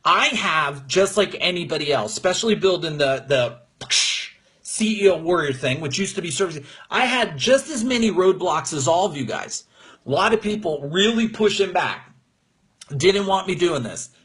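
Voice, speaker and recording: A man who coaches business owners, giving an energetic, emphatic motivational talk on a livestream from his room. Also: high voice, moderate pace, husky. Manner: energetic, emphatic, gets emotional.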